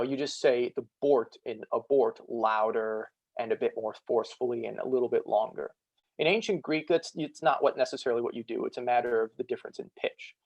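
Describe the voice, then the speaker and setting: Gravelly young man giving an online lecture. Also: mid-range voice, a little mellow, dry recording, rough recording. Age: young adult. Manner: casual, with many fillers, slowing down to demonstrate sounds. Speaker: student presenter. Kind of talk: online lecture on ancient Greek pronunciation. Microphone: video call.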